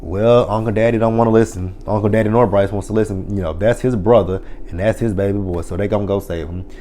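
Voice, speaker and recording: A man with a fairly low voice and a mellow, relaxed tone talks through a TV episode. His recap is loose and chatty, full of swearing and fillers. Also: fast talker, a little hiss or hum. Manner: profane, chatty retelling with many fillers. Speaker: TV episode reviewer. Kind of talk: casual recap chat.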